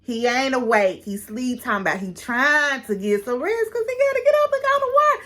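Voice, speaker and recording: A woman's voice: high voice, big pitch swings, fairly quick, fairly bright tone. A woman recapping a reality show in casual, gossipy talk, laughing often. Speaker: recap vlogger.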